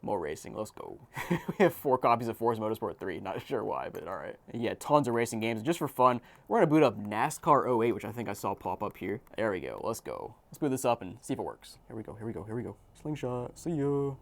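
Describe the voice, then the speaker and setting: Young male host, fast and chatty, dry close sound, middle pitch, excitable unboxing vlogger. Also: creaky, no room sound. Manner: excited, exclaims often. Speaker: video host. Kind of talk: casual unboxing commentary.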